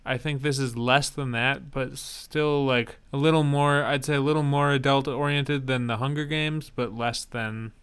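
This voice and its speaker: A man's voice: medium pitch, steady tone, moderate pace, few pauses, a bit bright, smooth. A man co-hosting a podcast, giving dry, matter-of-fact opinions on upcoming shows. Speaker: podcast co-host. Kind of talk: casual trailer-review chat.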